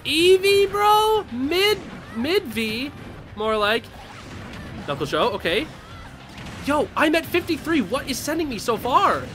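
Excitable high-voiced young gamer. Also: male voice, takes it slowly, a little hiss or hum. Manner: excitable, yelps and laughs, slangy trash talk. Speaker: gaming streamer. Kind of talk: live gameplay commentary.

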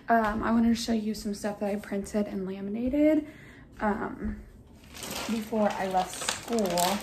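Speaking in a mid-range voice over background noise, this young kindergarten teacher keeps things casual and chatty with her vlog viewers.

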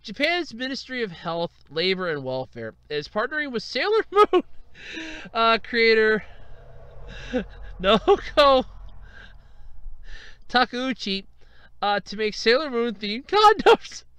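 A man hosting his own podcast, talking alone and animated, who keeps breaking into helpless laughter. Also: very high-pitched, takes it slowly, pauses often, smooth, no echo. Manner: animated, exaggerated and self-deprecating. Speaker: podcast host. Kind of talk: solo podcast commentary.

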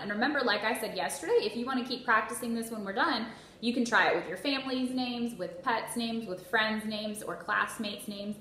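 A woman teaching a phonics lesson to young children, sounding out words slowly and clearly and praising often. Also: medium pitch, bright, forceful tone. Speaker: first grade teacher. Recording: echoey room with faint noise.

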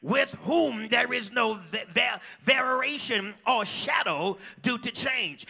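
Male pastor, high gravelly voice, call-and-response sermon, live church stream with music. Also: pushed and bright. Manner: call-and-response preaching, sings phrases. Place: large church.

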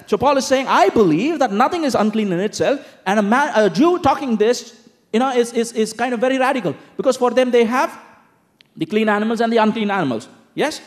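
A man's voice: sits high, brisk. A man preaching a sermon in a conversational style, explaining scripture with frequent asides and rhetorical questions. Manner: conversational, animated preaching with frequent "you know" and "okay?".

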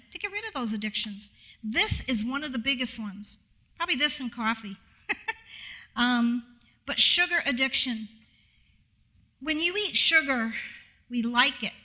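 Middle-aged lady giving a church talk, bright forceful voice, chatty, tosses questions to the crowd. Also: sits high, animated, unhurried. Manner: conversational, asks the audience questions, laughs easily. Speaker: guest speaker at a congregation. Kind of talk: casual teaching talk.

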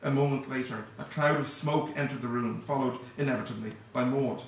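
A male author reading his novel aloud at a live event in a steady, measured first-person narration. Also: mid-range voice, a little hiss or hum. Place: event hall. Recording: echoey hall, distant mic.

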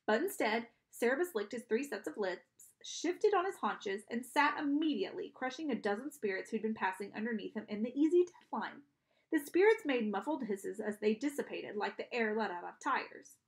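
Woman audiobook reader, expressive, a little high, lively storybook narration. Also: brisk.

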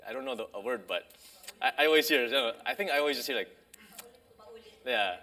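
Bright-voiced man preaching a sermon. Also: medium pitch, very animated, gravelly. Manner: conversational, pausing, restarts with fillers. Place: church sanctuary.

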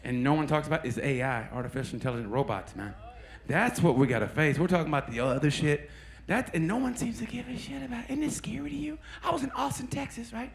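A man working a comedy club crowd with a stand-up set. His voice sits high and swings wildly up and down. It has a gravelly, fry-laced edge as he swears and calls out people in the audience. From Oklahoma, USA. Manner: animated, profane, crowd-addressing with quick put-on quotes.

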